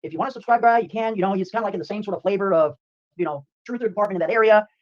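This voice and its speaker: A man hosting a livestream, chatting rapidly and upbeat with frequent laughs. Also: high voice, lo-fi sound. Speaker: livestream host. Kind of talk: excited livestream chat. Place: home streaming room.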